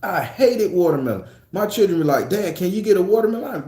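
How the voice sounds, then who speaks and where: A man in his forties telling a profane, comic personal story, acting out voices and breaking into shouts. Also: sits high, fast talker, roomy sound. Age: 40s. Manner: animated, profane, acts out voices with bursts of shouting.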